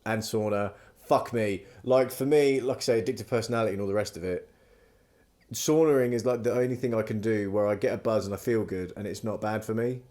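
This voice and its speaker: A man's voice: fairly low pitch, fairly quick, mellow. A man hosting a podcast, chatting casually and rambling through a story, swearing freely and acting out quoted lines. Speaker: podcast host. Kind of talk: casual chat.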